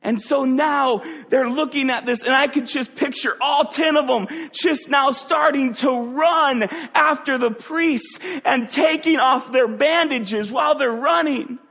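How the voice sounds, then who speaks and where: Male preacher, slow and dramatic sermon storytelling, long reverb. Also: very high voice, sharp tone. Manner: vivid storytelling, dramatic pauses.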